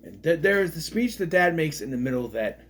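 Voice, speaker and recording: A man's voice: very animated, quick pace. A man giving a casual, rambling spoken review of a film, often restarting his sentences. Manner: rambling, restarts, swings in pitch and loudness. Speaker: movie reviewer.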